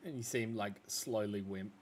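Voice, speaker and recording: A man's voice: lowish voice, normal speed, a little hiss or hum. A man narrating as game master, describing scenes loosely with lots of fillers.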